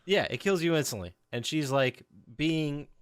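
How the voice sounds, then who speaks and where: A man's voice: on the high side, lively intonation, moderate pace, clean tone. A man with a mid-range voice that swings up and down a lot, chatting with his co-hosts in a wry, sarcastic way. He sounds close and dry, with no room echo. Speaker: podcast co-host. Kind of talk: casual chat.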